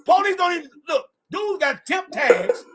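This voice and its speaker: A man with a St. Louis accent hosting a podcast, telling loud, profane stories in casual group chat. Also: extremely high pitch, very animated, moderate pace, over a noisy crowd. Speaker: podcast host.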